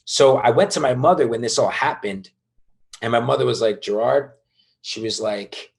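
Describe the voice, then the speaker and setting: A man's voice: on the low side, moderate pace, creaky. A man in his thirties, a guest entrepreneur, telling his life story in a casual interview with emphatic, casual delivery.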